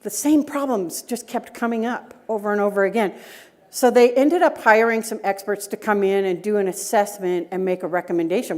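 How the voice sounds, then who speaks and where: A woman's voice: medium pitch, fairly quick, a little mellow. A middle-aged woman giving a conference breakout talk, telling stories and asking the audience rhetorical questions. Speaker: conference speaker, data governance director. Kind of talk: conference talk with personal anecdotes.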